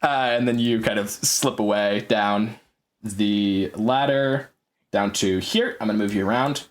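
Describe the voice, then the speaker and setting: A man running a tabletop game as game master, narrating action quickly and playfully. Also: fairly low pitch.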